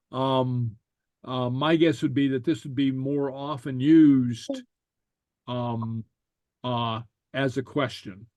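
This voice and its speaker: A man teaching a language class, explaining slowly and stopping often with fillers and repeated okays. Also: mid-range voice, darkish tone, dry recording. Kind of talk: relaxed online class explanation.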